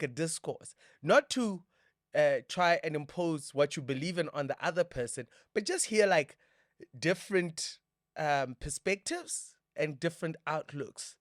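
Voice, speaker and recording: A man's voice: on the high side, dry recording, clean studio sound. A South African man in his thirties hosting a casual podcast chat, playful and slangy, given to joking asides. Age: 30s. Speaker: podcast host.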